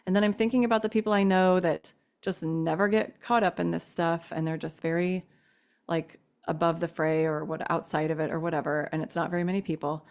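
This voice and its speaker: A woman's voice: lowish voice, fairly even intonation, brisk. A woman co-hosting a podcast, talking through a question in a candid, rambling way, full of "like" and restarts, with a casual swear now and then. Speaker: podcast co-host asking a question. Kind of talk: casual chat.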